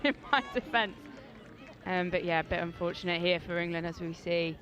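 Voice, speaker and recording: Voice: mid-range voice, steady tone, quick pace. A co-commentator and former player giving chatty, hesitant analysis at an outdoor sports ground. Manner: chatty, hesitant with fillers, laughs easily.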